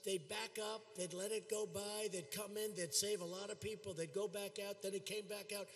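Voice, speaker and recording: Older man, high-pitched voice, rally speech, repetitive, boastful, reverberant arena. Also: fairly even intonation, moderate pace. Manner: repetitive, boastful, shouting out to a crowd. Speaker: politician at a rally. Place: large arena. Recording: long hall reverb from an arena.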